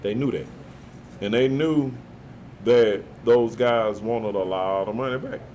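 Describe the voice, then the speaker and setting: With a medium pitch and measured pace, a podcast guest from Birmingham, Alabama spins an animated, profane, casual story, acting out what others said. Slight background noise can be heard.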